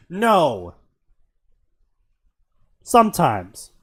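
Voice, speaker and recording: A man's voice: medium pitch, big pitch swings, unhurried. A man hosting a comedy show, reading fanfiction aloud and breaking off to mock it in disbelief. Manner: incredulous, mocking asides. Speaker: host.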